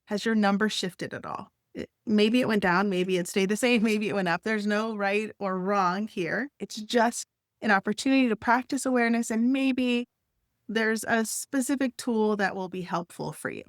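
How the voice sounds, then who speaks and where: A woman gently guiding listeners through a breathing and stretching exercise. Her instructions are soft, encouraging and unhurried, with the odd light laugh. Her voice sits at a middle pitch and sounds close and dry, with no room around it. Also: no room sound. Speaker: wellness instructor.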